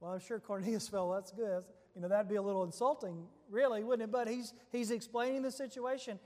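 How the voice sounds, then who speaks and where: A male preacher retelling a scripture passage in a relaxed, conversational sermon, quoting verses as he goes. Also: sits high, fairly quick, hardly any pauses, big-room sound. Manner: conversational storytelling with quoted scripture.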